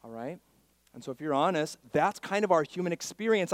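A man preaching to his congregation, his fairly high voice climbing into fervent, loud readings of scripture before dropping to hushed, personal asides. He checks in often with the listeners. The sound is smooth and clear, close and dry. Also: lively intonation, moderate pace, no echo. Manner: addresses the congregation directly with frequent "all right?". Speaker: pastor. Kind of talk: sermon.

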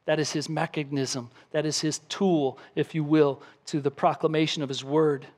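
Pastor, male, high-pitched voice, emphatic sermon delivery with scripture readings. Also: level tone, normal speed. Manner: emphatic preaching, acts out a crying baby with shouts; reads scripture aloud.

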